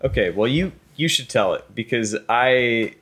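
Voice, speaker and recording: Young male podcast co-host, relaxed and sheepish, lively pitch. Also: unhurried, breathy edge. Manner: laid-back, sheepish, breaks into singing. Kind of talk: casual banter.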